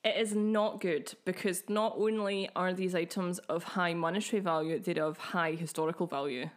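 A woman's voice: lowish voice, fairly even intonation, normal speed. Friendly Scottish woman podcast co-host. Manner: friendly, easy-going, laughs along. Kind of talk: casual chat.

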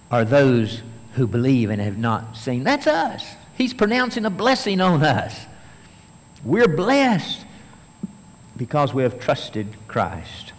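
A man preaching a sermon as a pastor, building to emphatic bursts and then slowing to stress key phrases. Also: a little high, long reverb tail.

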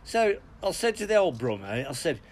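A man's voice: fairly high pitch, moderate pace. Middle-aged man telling rowdy stories. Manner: animated, chuckling anecdotes with many restarts. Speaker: podcast co-host. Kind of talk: casual storytelling.

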